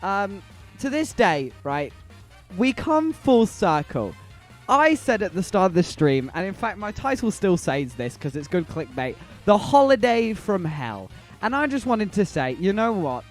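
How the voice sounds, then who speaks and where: Lively high-pitched streamer. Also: male voice, a little slow, faint music behind. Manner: animated, laughing, teasing the chat. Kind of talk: live-stream storytelling to chat.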